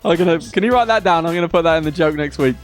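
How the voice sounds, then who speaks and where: A man's voice: fairly high pitch, racing, music in the background. A man, a cruise director, telling jokes and teasing his co-host in playful onstage banter.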